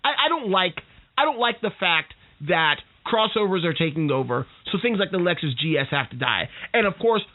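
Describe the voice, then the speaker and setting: A podcast host rants in a lively, sing-song voice that swoops up and down, sounding exasperated and often stumbling over words. The recording is tinny and phone-like. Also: medium pitch, moderate pace. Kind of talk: casual solo rant.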